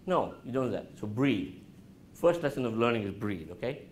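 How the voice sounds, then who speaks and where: A guest speaker at a college business class, this animated man gives an interactive talk at normal speed, quizzing the students and dropping his voice low to show calm. It's recorded in a roomy classroom with faint noise.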